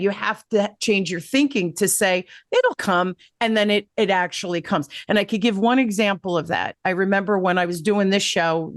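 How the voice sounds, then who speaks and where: A woman's voice: medium pitch, dry recording. Chatty woman podcast host, dry sound. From New Jersey. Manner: chatty storyteller, keeps asking "right?". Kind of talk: casual interview chat.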